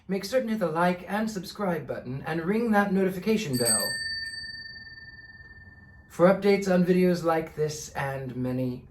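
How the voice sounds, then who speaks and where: A man hosting his own channel, telling a personal story in an earnest, deliberate way with theatrical emphasis. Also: on the high side, a little mellow, roomy sound. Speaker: channel host. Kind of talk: personal monologue to camera.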